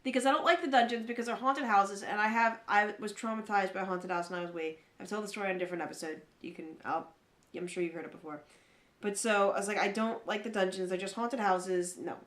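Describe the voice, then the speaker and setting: In an echoey room, a woman with a medium-pitched voice talks fast as she co-hosts a podcast. Chatting casually, she's an animated storyteller who acts out whoever she's quoting.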